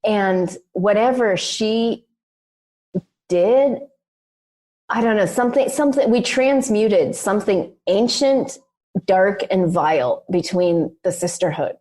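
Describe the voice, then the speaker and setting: A woman co-hosting a podcast, recounting an intense personal experience in a lively, emphatic rush. Her voice sits at a middling pitch, with frequent "like"s and "um"s woven through her casual telling. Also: takes it slowly. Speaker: podcast co-host. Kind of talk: personal storytelling in casual conversation.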